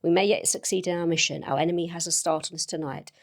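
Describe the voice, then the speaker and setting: A woman with a lowish voice reads the lines of an elderly male professor in a gamebook, lightly acting the calm, wise character. Her delivery of his formal, old-fashioned speech is earnest, measured and solemn.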